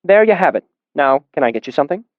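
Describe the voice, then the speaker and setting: A man voicing a brusque, snippy female innkeeper in a raised, sharp voice, on a dull, dry recording. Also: very animated, fast, dry recording. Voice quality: high, sharp and impatient.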